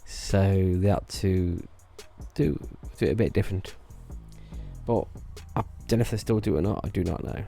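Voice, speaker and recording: A man's voice: low voice, normal speed, gravelly, dark tone, soft background music. A man telling rambling casual stories about his old theme park job, restarting phrases and laughing at himself. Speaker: vlogger recalling theme park work.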